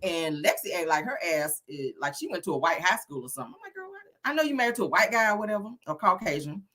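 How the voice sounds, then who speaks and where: Sassy lady recapping reality tv, bright voice, lots of slang asides. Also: fairly low pitch, animated, quick pace. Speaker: reality show recap host. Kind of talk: casual chat.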